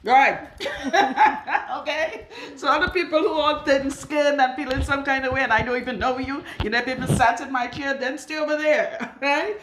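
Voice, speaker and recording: A woman's voice: high-pitched, fairly even intonation, brisk, a bit bright, a little hiss or hum. A woman loctician talking bluntly and emphatically to camera while working on a client in her salon. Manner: blunt and outspoken; emphatic, with rhetorical questions. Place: her salon room with a radiator. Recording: roomy echo.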